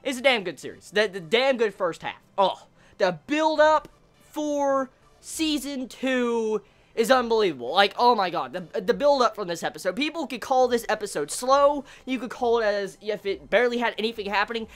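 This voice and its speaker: A woman's voice: a little high, animated, normal speed, soft background music. A woman giving a casual ranting review, exasperated, stammering and swearing a lot. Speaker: anime reviewer.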